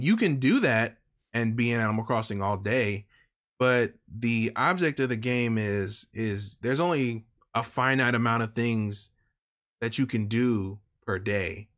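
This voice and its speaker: A man co-hosting a gaming podcast, explaining things in a relaxed, casual way. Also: measured pace. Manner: explaining, relaxed, acts out quoted lines in a higher voice. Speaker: podcast co-host. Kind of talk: casual chat.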